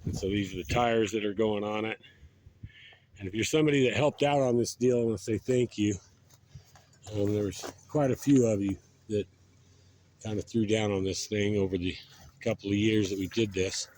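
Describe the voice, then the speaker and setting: There's slight background noise as a breathless channel host films a casual vlog by the roadside. His voice is on the low side and a little mellow, and he rambles with lots of fillers like "uh" and "so."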